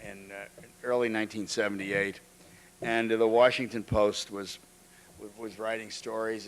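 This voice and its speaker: An older man giving an anecdotal lecture, halting often, restarting phrases and clearing his throat. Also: lowish voice. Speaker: guest lecturer. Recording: archival lecture recording.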